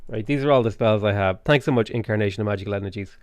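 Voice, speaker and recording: A man's voice: on the low side, rapid-fire, clear, resonant tone, no echo. A man casually chatting on a livestream while gaming, rambling and swearing freely, with jokey asides to chat. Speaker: streamer.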